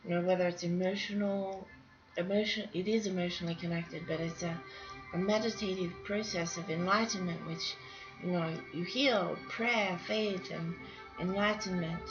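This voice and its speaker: A woman's voice: on the low side, fairly even intonation, normal speed. A woman artist commentating casually while she draws, rambling with fillers, restarts and frequent laughs. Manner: chatty, laughs often, many fillers and restarts. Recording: dull lo-fi sound with music behind. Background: music.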